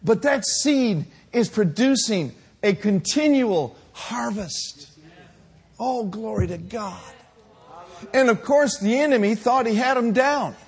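Husky high-voiced fervent preacher man. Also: lively intonation, slow pace. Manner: fervent, emphatic, building to shouted climaxes. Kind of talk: sermon.

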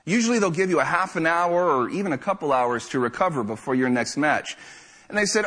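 A young man telling a lively, self-mocking story to a live audience. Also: on the high side, fast.

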